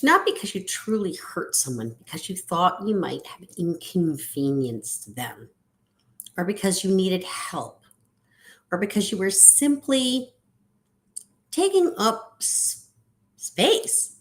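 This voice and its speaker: A middle-aged woman, an ADHD coach, giving a reflective podcast monologue with a sing-song delivery that lifts high and drops to a near whisper. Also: big pitch swings, takes it slowly.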